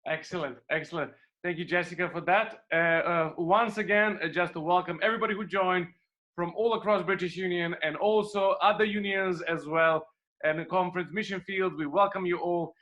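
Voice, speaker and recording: A man hosts an online gathering over a video call, welcoming people and leading a short prayer. His voice is fairly high and very bright. He talks in loose bursts, repeating phrases and filling pauses. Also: steady tone, dull audio. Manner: repeats phrases, many fillers. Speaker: online event host. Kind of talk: welcoming host with an opening prayer.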